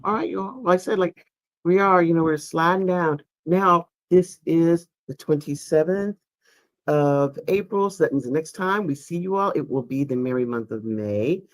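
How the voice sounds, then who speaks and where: A man's voice: a little high, moderate pace, no room sound. Guy hosting a chat show, easygoing and rambly, dead dry mic. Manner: relaxed, rambling with many fillers. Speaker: podcast host. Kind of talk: casual panel chat.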